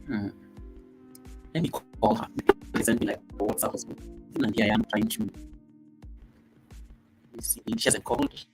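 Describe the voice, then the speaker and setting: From his home set, a man hosts a casual live stream, greeting viewers by name and reading chat, with loud bursts of welcome between quiet asides into a laptop mic. His lowish voice has vocal fry, a moderate pace, and frequent pauses, over faint background music and poor audio.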